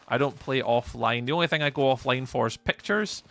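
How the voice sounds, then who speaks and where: A man's voice: mid-range voice, fairly quick, fairly bright tone. A young Scottish man casually chatting through a live game stream, rambling and greeting his chat by name. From Scotland. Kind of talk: live gameplay commentary.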